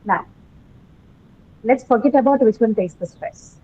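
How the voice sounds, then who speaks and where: A woman's voice: a little high, a little slow, husky. A woman teaching an English pronunciation class, often checking with "right?" and quizzing her students. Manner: tags statements with "right?", questions students. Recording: dull lo-fi recording.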